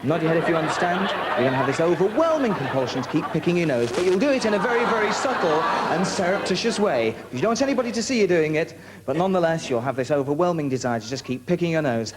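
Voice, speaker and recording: A stage hypnotist hosting a hypnosis show in a TV studio with an audience gives his subjects coaxing, commanding instructions. His voice is on the high side and sing-song, fast with hardly any pauses, on a very noisy VHS recording.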